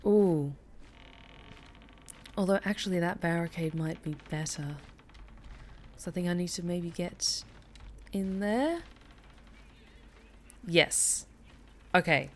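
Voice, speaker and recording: Streaming a video game, a woman with a lowish voice thinks out loud, tossing in quick asides and the occasional mild curse as she comments casually.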